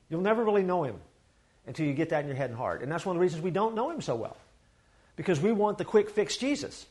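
A man preaching a sermon in a folksy, animated way, with quick asides to his congregation. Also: high voice. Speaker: pastor.

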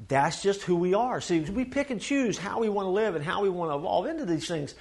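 High-voiced man preaching a folksy sermon. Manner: folksy, animated preaching with quick asides and acted quotes. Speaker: pastor.

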